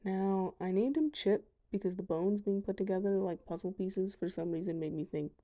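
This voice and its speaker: Dark-toned young woman narrating gameplay. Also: medium pitch, moderate pace, lo-fi sound. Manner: chatty, self-deprecating asides. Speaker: gamer showing her dragons. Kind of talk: casual voice-over narration.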